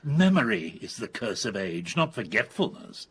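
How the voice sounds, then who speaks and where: An actor playing a world-weary, sardonic elderly expatriate in a radio comedy. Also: male voice, fairly low pitch, sing-song, moderate pace, husky, full character voice. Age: older. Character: grumpy elderly English expatriate man, sardonic.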